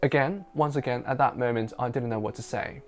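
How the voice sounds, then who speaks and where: A man from China whose first language is Mandarin tells a personal story in English, chatting with lots of fillers like "you know" and "um." An interpreter and storyteller, he has a medium-pitched voice at a fairly quick pace, with soft guitar music underneath.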